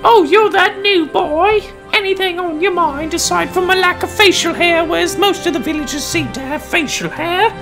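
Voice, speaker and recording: A shrill, slow-drawling medieval villager voiced by a man teases in a mocking tone. The voice sits far above a normal speaking pitch, with each word stretched out. Faint game music plays underneath. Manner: mocking, drawn-out.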